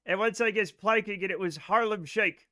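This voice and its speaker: High, bright-voiced joking male streamer. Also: moderate pace. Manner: joking, profane, rambling talk to chat. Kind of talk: live gameplay stream chatter.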